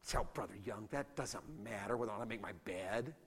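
A man preaching a sermon to a congregation. He drops to hushed asides, shouts out acted battle cries, and keeps asking the crowd to answer him. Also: lowish voice, moderate pace, husky, long reverb tail. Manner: calls out to the congregation for responses.

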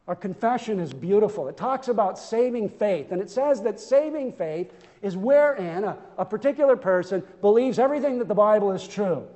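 High-voiced preacher in an echoing hall. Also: male voice, darkish tone. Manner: earnest, emphatic, with frequent stammered restarts. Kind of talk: sermon.

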